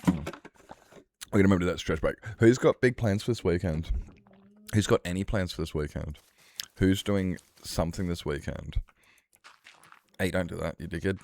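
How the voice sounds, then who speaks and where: A man with a very low, gravelly voice chats loosely while he plays a game. He rambles from one aside to the next, swears freely and laughs often. The fry in his voice stays under every line. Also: a little mellow. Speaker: streamer. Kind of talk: casual chat while playing a game.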